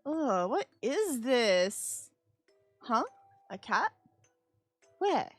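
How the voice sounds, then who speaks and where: A woman reading the lines of a vain, jumpy young male actor from a game, excitable and jumping high when startled. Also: drawn-out words, no room sound, soft background music, heavily acted. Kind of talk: dramatic game dialogue read aloud.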